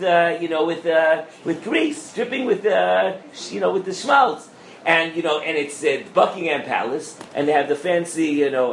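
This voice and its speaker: Animated rabbi lecturing in a roomy hall. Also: male voice, a little high, a little hiss or hum. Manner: animated, asks the audience questions, mixes in Hebrew and Yiddish terms. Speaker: rabbi giving a Torah class. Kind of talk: lively Torah lecture to a live audience. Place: lecture room with an audience.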